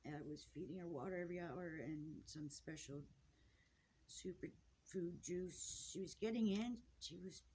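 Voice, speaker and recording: A woman talks off the cuff while filming her finches at home, her voice halting and tearful, full of sighs, restarts and apologies. Her pitch sits in an ordinary middle range, and a faint hiss runs underneath the home recording. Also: darkish tone. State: tearful, upset. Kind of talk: casual off-the-cuff narration to camera. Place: indoors at home near a birdcage.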